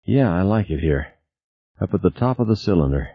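A man's voice: low-pitched, lively intonation, fairly quick, no room sound. A male reader voicing an anxious woman scientist with a wry, nervous way of talking. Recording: tinny phone-like sound.

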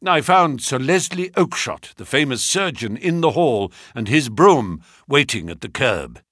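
A man narrating a classic detective story in the first person, reading in an expressive, animated way. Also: medium pitch, a little slow, husky, dry recording, clean studio sound. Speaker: audiobook narrator.

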